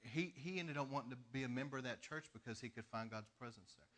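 A pastor preaching a sermon, telling stories in an animated way with laughter between lines. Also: male voice, medium pitch, fast talker.

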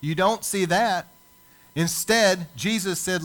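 A male pastor preaching a sermon, building emphasis with dramatic pauses. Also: high-pitched, a bit bright. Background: church service.

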